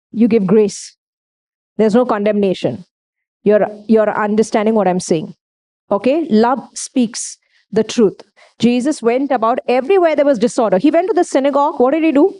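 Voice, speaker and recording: A woman's voice: fairly high pitch, mellow. A woman preaching a sermon, emphatic, asking her listeners questions and answering them herself.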